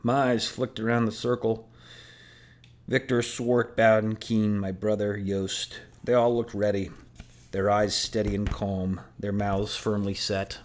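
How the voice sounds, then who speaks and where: A man reading a novel aloud in first person, measured and earnest. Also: on the low side, little pitch movement, a little mellow. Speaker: audiobook narrator.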